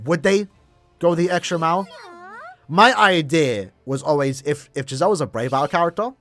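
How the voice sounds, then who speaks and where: Faint music plays behind a young Irish man whose voice is a little high, a bit bright and moderately paced. Streaming a mobile game, he chats to his viewers casually, rambling, often starting sentences over and talking to chat.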